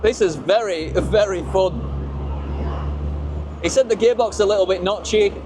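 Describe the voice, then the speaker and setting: Car vlogger, high lively voice, exclamatory, heavy wind and engine noise from an open cockpit. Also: male voice, normal speed. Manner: excitable, exclamatory, laughing. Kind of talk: casual driving commentary. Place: open-top sports car on the road.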